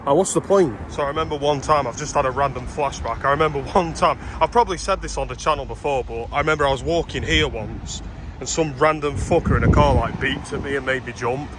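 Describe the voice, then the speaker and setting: In a fast, mid-range voice, a British man in his twenties swears and rants through his stories while walking down a street for a casual vlog. There's background noise.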